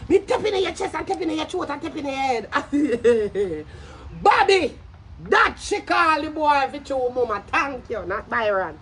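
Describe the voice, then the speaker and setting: Loud, very high-pitched Jamaican woman ranting. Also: expressive, normal speed, slight background noise. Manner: loud, brash, profane, shouting bursts and cackling laughter. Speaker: social media commentator. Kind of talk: ranting commentary.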